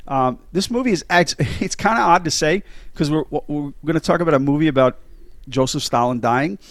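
Chatty middle-aged man, slightly high voice. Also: fairly quick, no room sound. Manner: chatty, enthusiastic, many fillers and restarts. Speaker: podcast host. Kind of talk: casual movie discussion.

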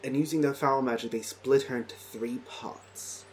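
A man's voice: mid-range voice, steady tone, moderate pace, darkish tone, a little hiss or hum. A man narrating a tabletop game as game master, in a casual, easygoing way. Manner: casual, playing townsfolk in his own voice.

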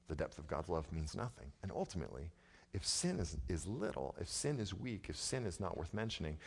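A male pastor with a somewhat low voice preaching a conversational sermon. He drops quiet, then climbs to loud, emphatic stretches. The sound carries a long reverb from a church sanctuary.

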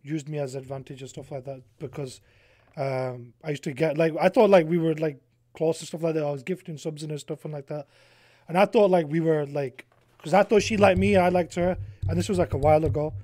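A young man, a podcast guest, telling a rambling, animated story in casual chat, swearing freely. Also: fairly high pitch, brisk, no echo.

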